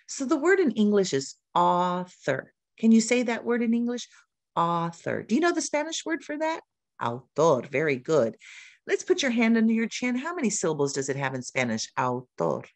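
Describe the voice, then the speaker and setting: A woman literacy educator giving a teaching demonstration, modeling a reading lesson with lively questions and prompts. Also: a little high.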